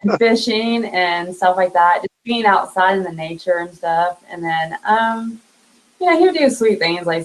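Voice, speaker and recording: A woman, a guest on a live podcast, talking casually and softly, trailing off with fillers and little laughs. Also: lowish voice, low-quality recording. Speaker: interview guest. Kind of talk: casual remembrance chat.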